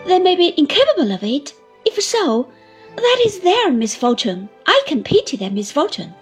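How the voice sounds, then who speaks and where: A woman's voice: very high voice, big pitch swings, normal speed, soft background music, pitched above the performer's own voice. A woman voicing a genteel, earnest middle-aged wife who speaks in a lofty, emphatic, long-winded way. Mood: insistent.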